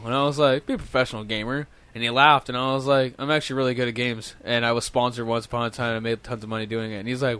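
Fast-talking, swearing young man. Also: medium pitch, lively intonation, fairly bright tone, no room sound. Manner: rambling storyteller, swears constantly, laughs often. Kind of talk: casual chat.

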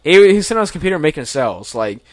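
A young man tells a wild, profane party story at a rapid clip, tripping over restarts and breaking into laughs. His voice sits a little high for a man. The sound is close and completely dry, with no room in it. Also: big pitch swings, no room sound. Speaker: guest storyteller. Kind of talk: casual podcast chat.

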